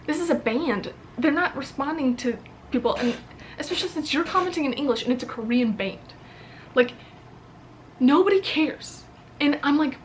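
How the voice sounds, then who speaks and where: Young american woman, early twenties, higher-pitched voice, rambling casual vlog chat, lots of "like", faint hum behind. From United States. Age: early 20s. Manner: rambling, filler-heavy, candid, swears. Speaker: vlogger.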